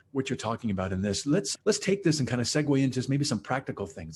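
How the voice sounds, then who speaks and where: A man's voice: mid-range voice, a little mellow, breathy edge. A man hosting a behavioral health podcast, thinking aloud in a reflective, conversational way with frequent "kind of" and "you know". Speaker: podcast host, psychologist. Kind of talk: conversational interview.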